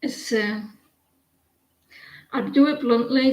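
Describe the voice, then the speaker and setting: A woman's voice: a little high, steady tone, a little slow, pauses often, a little mellow. A middle-aged woman doing a casual live-stream tarot reading, blunt and rambling as she chats with viewers. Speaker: tarot card reader. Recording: roomy echo.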